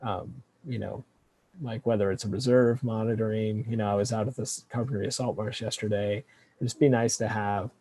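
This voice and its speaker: A man, a researcher, answering interview questions in a relaxed, hesitant way with many fillers and restarts. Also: on the low side, moderate pace, breathy edge. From California. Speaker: kelp researcher guest.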